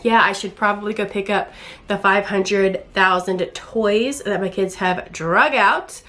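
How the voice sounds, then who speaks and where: A woman's voice: medium pitch, steady tone, measured pace, bright, forceful tone. A young woman chatting casually at home in a book vlog, rambling with fillers. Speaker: book vlogger. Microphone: earbuds, then camera mic.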